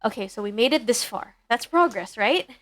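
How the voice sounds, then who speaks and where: A woman's voice: a little high, animated, moderate pace, a bit bright. A woman streamer reading a visual novel aloud in a dramatic, earnest way. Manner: earnest, self-conscious, giggly asides.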